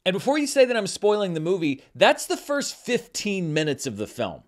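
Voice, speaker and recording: A man's voice: high-pitched, wildly swooping pitch, normal speed. A man giving a film review in a wry, incredulous, sarcastic manner. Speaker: film critic.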